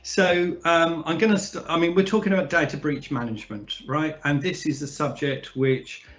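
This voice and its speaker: A man hosting a discussion in a relaxed, chatty way, often pausing and restarting his sentences. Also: a little high, lo-fi sound, faint music behind. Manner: hesitant, many fillers and restarts. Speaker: podcast host. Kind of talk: casual conversational hosting.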